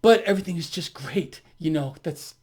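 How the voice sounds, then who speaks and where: A man's voice: fairly high pitch, moderate pace, darkish tone, husky. A man giving a market commentary monologue on his video blog, emphatic and sarcastic, repeating his key words with ironic asides. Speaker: financial vlogger.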